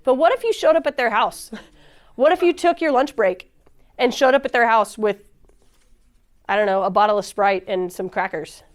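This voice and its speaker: A woman speaks in a church with a fairly high voice, keeping it conversational and full of asides. She laughs often and slips into quoted dialogue as she tells stories. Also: moderate pace, long pauses. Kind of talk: casual sermon talk.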